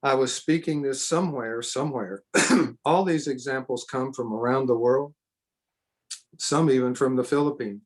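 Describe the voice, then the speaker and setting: A man's voice: medium pitch, normal speed. A middle-aged man teaching a church seminar in an earnest way, repeating himself for emphasis and adding spontaneous asides. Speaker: preacher.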